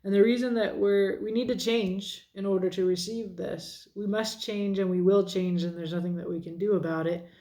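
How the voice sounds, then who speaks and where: A woman's voice: lowish voice, creaky, darkish tone. A woman giving a casual tarot card reading, chatty and self-deprecating, thinking aloud as she turns each card. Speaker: tarot reader.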